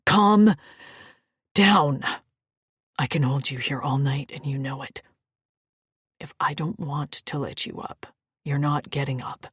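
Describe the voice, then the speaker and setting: A woman voicing a fierce, scarred male alien warrior with a low growling manner in an audiobook. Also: slow, long pauses, slightly rough, no echo, studio quality, full character voice. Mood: stern, growling. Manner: low growling voice, gritted teeth. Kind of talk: audiobook character voice.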